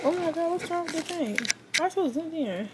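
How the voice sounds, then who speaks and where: A young woman vlogging casually to her viewers on a phone camera, excitable and chatty. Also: very high-pitched, normal speed, very noisy. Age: young adult. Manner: excitable, talks to viewers as y'all. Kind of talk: casual vlog chat.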